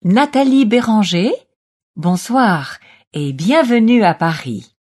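Woman, model speaker, slow careful enunciation, lively melody. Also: mid-range voice. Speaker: model speaker in a language course.

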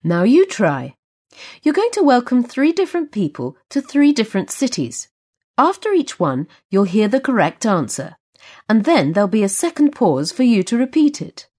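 Husky-voiced woman guiding a language lesson. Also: a little high, sing-song, moderate pace, mellow. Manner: patient instructive delivery. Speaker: course presenter. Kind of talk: scripted language-lesson narration.

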